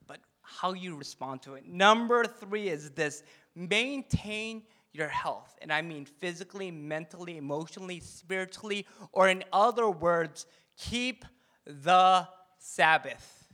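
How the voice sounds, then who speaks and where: A pastor, a man, giving an animated, jokey sermon and leading the crowd in call-and-response chants. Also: high voice, a little slow. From Korean heritage. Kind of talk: sermon talk.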